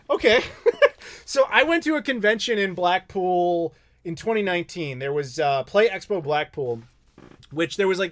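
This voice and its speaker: An American man from Chicago hosting a casual live chat, telling rambling, animated stories with laughs and the odd swear. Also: fairly high pitch. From Chicago, United States. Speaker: YouTube host answering live questions.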